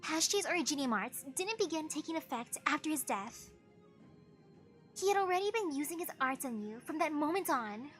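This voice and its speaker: Heard first is a high, earnest young girl who leads with a gentle heart, as a woman streamer reads her lines from a game. She pleads with soft urgency, her voice lifted well above an ordinary speaking pitch. Faint game music plays underneath. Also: expressive, normal speed. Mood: pleading.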